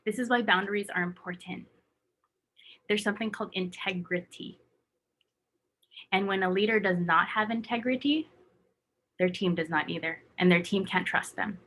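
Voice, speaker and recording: A woman's voice: mid-range voice, fairly bright tone. A woman coaching her team in a motivational talk, emphatic and acting out her own inner voice.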